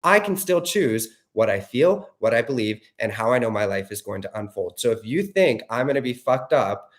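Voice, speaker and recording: A man's voice: medium pitch, lively intonation, normal speed. A man giving a direct-to-camera motivational talk as a relationship coach, blunt, profane and emphatic, often checking in with "okay?".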